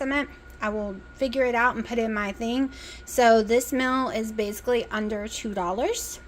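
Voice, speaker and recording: This cooking vlogger has a somewhat high, fairly bright voice and a Southern US country accent, and she chats aimlessly and wearily as she cooks indoors at home. Her phone captures rough audio with slight background noise, and her mouth is full now and then.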